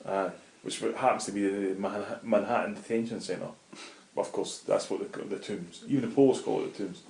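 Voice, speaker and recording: A man's voice: lowish voice, fairly even intonation, brisk, creaky, darkish tone, a little hiss or hum. A middle-aged Scottish man telling a vivid, swear-laden story as an interview guest in casual talk. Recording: roomy echoey room.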